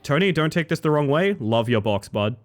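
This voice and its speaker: A man live-streaming a game, reading chat aloud and joking, swinging between excited yelps and low mutters. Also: fairly quick. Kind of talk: casual live-stream chat while gaming.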